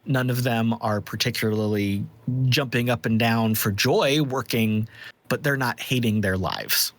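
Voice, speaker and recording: A man running a tabletop game as game master, describing scenes in a measured way, with occasional ums. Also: medium pitch.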